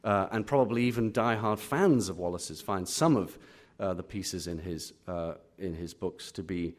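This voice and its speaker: English male critic, lowish voice, halting live Q&A delivery in an auditorium. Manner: hesitant, many fillers and restarts. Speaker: literary critic speaking to an audience. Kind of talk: live Q&A at a reading.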